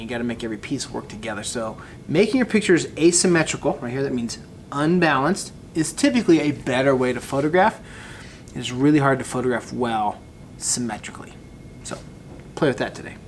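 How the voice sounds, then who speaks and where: Guy teaching a photo class, laid back, points at pictures, faint rumble behind. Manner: casual, walks through example photos, addresses students as guys. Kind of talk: recorded class lecture.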